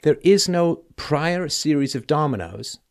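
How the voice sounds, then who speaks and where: A man's voice: fairly high pitch, animated, measured pace. A man hosting a call-in advice show who talks animatedly and acts out both sides of an argument. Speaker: host.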